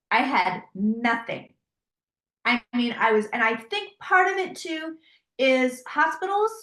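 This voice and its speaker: A woman guest in an interview, telling a personal story in a casual, animated way and quoting herself in dialogue. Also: on the high side. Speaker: guest, psychic tarot reader. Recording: roomy echo.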